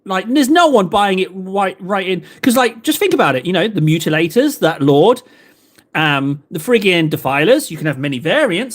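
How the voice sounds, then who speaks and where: An English man in his thirties, chatting casually with viewers on a livestream in a rambling, playful way, full of rhetorical questions. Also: sits high. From England. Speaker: livestream host painting miniatures.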